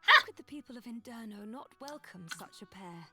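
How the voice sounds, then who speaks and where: Brief: a gracious lady, bright and breathy, lively lilt, game music. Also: fairly high pitch, brisk, heavily acted. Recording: game audio under music.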